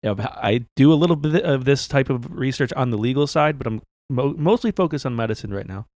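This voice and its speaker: A man hosting a comedy podcast, improvising as a doctor in a deadpan, halting way full of restarts. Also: medium pitch, dry recording, studio quality.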